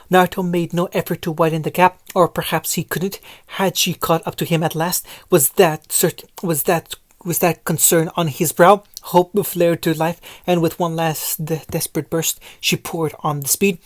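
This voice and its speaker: Woman narrating a story, lowish dry voice. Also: no room sound. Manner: frequent stumbles and self-corrections while reading. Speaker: fan fiction reader. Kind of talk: storybook narration read aloud.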